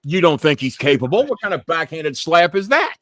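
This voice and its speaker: A man's voice: on the high side, sing-song, a little fast, a bit bright, no room sound, studio quality. Blunt, profane man hosting a live show. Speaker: podcast host. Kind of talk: casual live-stream chat.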